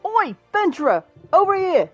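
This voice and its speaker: A woman's voice: very high voice, big pitch swings, normal speed, a bit bright, dry recording, soft background music, pitched above the performer's own voice, full character voice. A woman voicing a brash young male city tout in a game, with chummy street patter and a wandering accent. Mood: cocky. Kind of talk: voicing game dialogue aloud.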